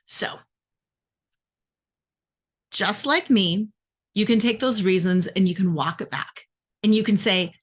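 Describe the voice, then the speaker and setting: A woman's voice: medium pitch, lively intonation, a little slow, pauses often. A middle-aged woman, a relationship coach, talking emphatically and conversationally to her viewers. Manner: emphatic, conversational, acts out quoted voices. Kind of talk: direct-to-camera coaching talk.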